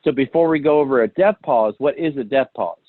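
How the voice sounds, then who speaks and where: A man's voice: mid-range voice, brisk, no echo. A man coaching appointment setters through a call script, often checking in with his listeners. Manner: talks to trainees, checks in with "right?" and "okay?". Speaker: sales call trainer. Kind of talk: recorded training talk. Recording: tinny phone-like dry recording.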